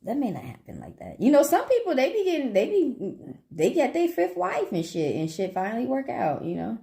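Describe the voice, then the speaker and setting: A woman with a Southern twang chatting loosely with her livestream viewers. Her voice sits a little high and swings up and down with a lot of life. She curses freely and laughs often. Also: huge pitch swings, fairly quick, vocal fry, dark tone. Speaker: tarot reader hosting a livestream. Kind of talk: casual livestream chat.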